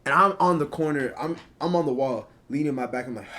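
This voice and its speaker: A man's voice: on the high side, brisk, bright, forceful tone. A young man casually telling a personal story to a live chat, rambling and filling with "right?" and "like". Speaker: storyteller streamer.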